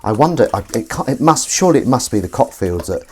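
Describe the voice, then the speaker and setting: Chatty man washing up, lively voice. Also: mid-range voice, fast talker, husky. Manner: rambling, chatty, reads comments aloud. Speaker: streamer. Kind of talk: casual chat while washing up. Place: kitchen at the sink. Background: clattering dishes and cutlery.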